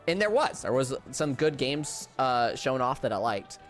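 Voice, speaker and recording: A man hosting a gaming livestream, talking casually and playfully as he ribs a friend. His pitch swings freely up and down, and soft music plays quietly behind him. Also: sing-song. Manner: teasing, playful, quick to laugh. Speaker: streamer hosting a gaming stream.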